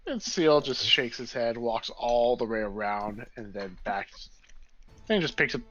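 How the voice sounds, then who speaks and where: A man's voice: medium pitch, measured pace, slight background noise. A man running a tabletop game as game master, narrating scenes playfully. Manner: playful, animated storytelling. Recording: dull lo-fi recording.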